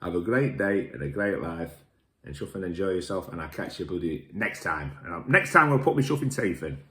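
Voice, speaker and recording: A man's voice: low-pitched, fairly quick. A middle-aged man, a little tipsy, rambling through jokey stories and swearing mildly in nearly every sentence. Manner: animated, jokey and self-mocking. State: tipsy from drinking whisky. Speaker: whisky reviewer and vlog host. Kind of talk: rambling casual storytelling.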